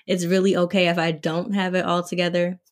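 A woman's voice: on the low side, flat delivery, brisk. Hesitant, thoughtful woman guest. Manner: thoughtful, hesitant, checks if she makes sense. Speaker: podcast guest. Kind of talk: casual interview chat.

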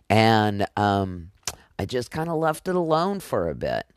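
A man hosting a podcast, telling a personal story in an animated way, often laughing and acting out dialogue with sound effects. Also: lowish voice, unhurried, dry recording, clean studio sound. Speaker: podcast host.

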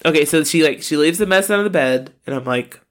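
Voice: medium pitch, a little fast, a bit bright. A podcast co-host recapping a TV episode in casual chat, rambling with lots of "like" and frequent laughs. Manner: rambling, laughs often, fills with "like".

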